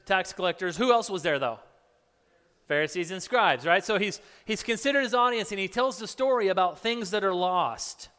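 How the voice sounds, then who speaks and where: A man with a high voice leads a conversational sermon, asking his listeners questions as he goes. He talks casually, often restarting his phrases. His voice rings out with the long reverb of a big hall. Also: fairly bright tone, clean tone. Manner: casual retelling with frequent restarts. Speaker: pastor leading a Bible study.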